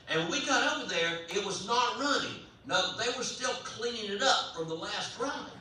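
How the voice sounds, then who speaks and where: Animated storyteller man in an echoey hall. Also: high-pitched. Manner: animated, comic, folksy delivery. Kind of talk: live storytelling performance. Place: large hall at a residential campus. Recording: echoey hall, voice from far off, faint hum.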